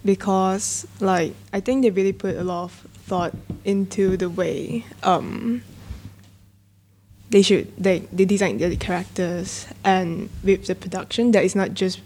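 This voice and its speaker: A woman's voice: medium pitch, fairly even intonation, a little slow, a little mellow, a little hiss or hum. A woman as a student guest in a casual discussion, speaking earnestly with fillers.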